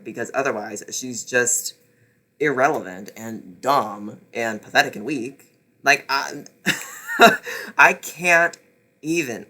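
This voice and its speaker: A man's voice: mid-range voice, pushed and bright. A man ranting sarcastically through a casual book review vlog, exasperated and swearing.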